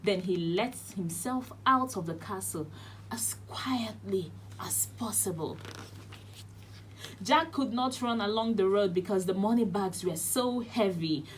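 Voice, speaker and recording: A woman's voice: medium pitch, unhurried, few pauses, a little hiss or hum. A woman with a Nigerian accent, a children's radio host reading a storybook aloud expressively. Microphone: studio radio mic.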